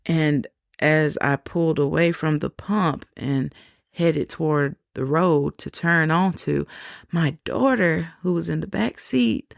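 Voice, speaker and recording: A woman shares a personal faith story on her podcast, speaking slowly and reflectively. Her voice has a gravelly texture, and the dry, close recording carries almost no room sound. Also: sits low, dry recording. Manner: slow, reflective storytelling with soft laughs. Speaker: podcast host.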